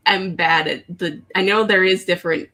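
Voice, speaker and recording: Husky, rambling woman from Canada. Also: lowish voice, fairly even intonation, moderate pace, pushed and bright. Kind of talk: casual group chat on a call.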